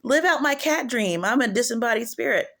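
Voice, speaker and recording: Lady doing a sneaky mocking demon, high singsong meows, bit of gravel. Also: expressive, a little fast, a bit bright, heavily acted. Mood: taunting. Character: sly demon spirit luring a child.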